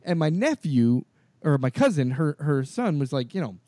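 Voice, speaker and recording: A man co-hosting a podcast, telling stories in an animated, profane way and acting out the quotes. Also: fairly high pitch, normal speed, no room sound. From California. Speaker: podcast co-host. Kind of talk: casual chat.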